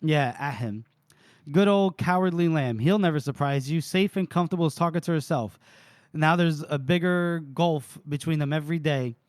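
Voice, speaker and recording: A man co-hosting a book podcast, retelling scenes and quoting lines with frequent laughter. His voice sits a little high and sounds dry and close to the mic. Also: normal speed, no room sound. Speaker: podcast co-host recapping chapters. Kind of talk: casual book recap chat.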